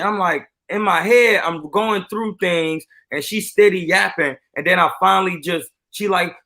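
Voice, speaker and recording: A boxing coach telling a story on a live stream in an animated, boastful way. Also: male voice, sits high, moderate pace, hardly any pauses.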